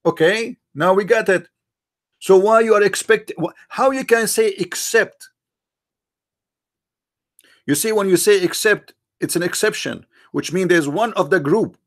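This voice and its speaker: A man's voice: sits high, measured pace, pauses often. Mocking, argumentative male live-stream host. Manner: mocking and argumentative, piles up rhetorical questions to viewers; non-native English grammar, frequent restarts. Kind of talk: live-streamed religious debate commentary.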